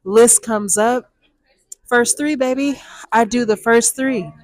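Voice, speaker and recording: A young woman, telling a personal story to viewers in a lively, chatty way. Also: a little high, slow, dry recording. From Texas, USA. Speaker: storytime vlogger.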